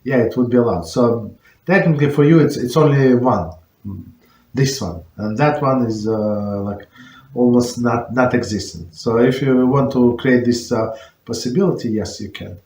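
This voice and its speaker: Male rabbi, mid-pitched voice, explanatory tone, roomy echo. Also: moderate pace, darkish tone. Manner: explanatory, searching for words. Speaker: rabbi teaching an online class. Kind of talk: answering questions on religious law.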